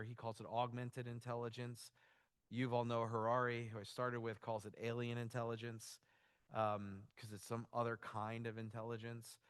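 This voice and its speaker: A man's voice: mid-range voice, fairly bright tone, clean tone, dry recording, clean studio sound. A man giving a conversational church workshop talk, loose and informal, often restarting his sentences. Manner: casual, loose, with frequent restarts and "like". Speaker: workshop presenter.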